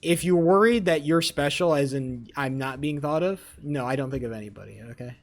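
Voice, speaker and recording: Animated, profane young-sounding man streaming. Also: a little high, a little fast, faint music behind. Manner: animated, profane, rambling storytelling; teasing chat readers. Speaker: livestreamer. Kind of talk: casual livestream chat.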